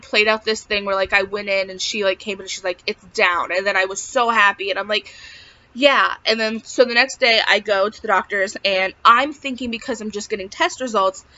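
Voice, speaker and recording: A woman's voice: mid-range voice, bright, forceful tone. A young woman telling a personal story in a casual vlog, chatty and full of filler words. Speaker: vlogger. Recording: slightly dull lo-fi sound.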